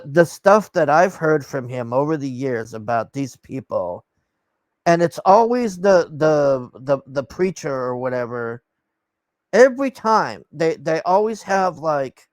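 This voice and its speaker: A man's voice: on the high side, lively intonation, slow, no room sound. A man ranting casually to his camera, rambling and exasperated, swearing often and trailing off with sighs. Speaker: vlogger.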